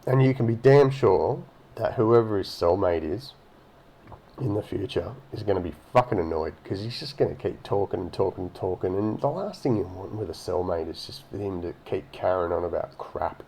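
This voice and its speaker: Deep gravelly guy ranting sarcastically over a clip, swears a lot, faint hiss behind. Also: expressive, moderate pace, mellow. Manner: sarcastic, swears freely, mocking asides. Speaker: reaction commentator. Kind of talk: casual profane commentary over a video.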